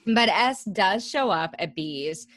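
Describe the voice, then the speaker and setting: A young woman co-hosting a podcast. She recaps a TV episode in a loose, chatty way, swears freely and slips into the characters' voices, with her pitch swooping up and down. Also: takes it slowly, dry recording. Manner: animated, swears freely, acts out characters' lines. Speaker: podcast co-host. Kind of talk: casual chat recapping a TV episode.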